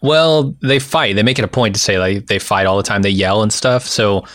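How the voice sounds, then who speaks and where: A man co-hosting a podcast, talking in a measured, thoughtful way. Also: fairly low pitch, fairly bright tone, no room sound, clean studio sound. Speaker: podcast co-host. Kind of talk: casual podcast chat.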